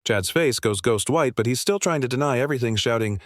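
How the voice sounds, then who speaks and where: A man's voice: medium pitch, lively intonation, a little fast, no echo, clean studio sound. A man narrating a scripted story recap in a breathless, gossipy style full of slang.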